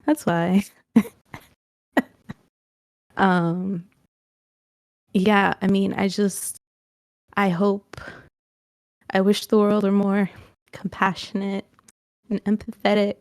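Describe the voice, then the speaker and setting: A woman's voice: medium pitch, flat delivery, takes it slowly, long pauses, a little mellow, no room sound, clean studio sound. A young woman streamer, a guest on a podcast, talking casually and emotionally while tearing up. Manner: emotional, laughs through tears. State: crying. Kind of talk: casual interview chat.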